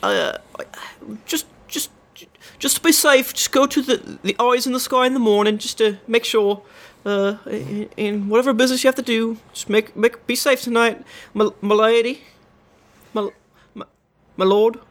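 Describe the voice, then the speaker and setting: A woman's voice: a little high, steady tone, moderate pace, long pauses. A woman playing a tabletop game, describing her character's actions. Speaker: player. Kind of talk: casual tabletop game play.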